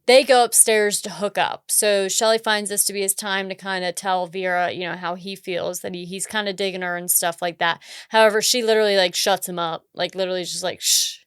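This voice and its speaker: A woman's voice: medium pitch, fairly even intonation, brisk, hardly any pauses, clean tone, no room sound, studio quality. A young woman co-hosting a podcast, recapping a horror film in frank, casual chat. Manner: frank, casual, blunt asides. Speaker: podcast co-host.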